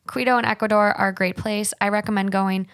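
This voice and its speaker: A woman's voice: mid-range voice, steady tone, fairly quick. Woman, young adult, from Minnesota, podcast host, casual chat, reads aloud. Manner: chatty, laughs often, says "like" a lot.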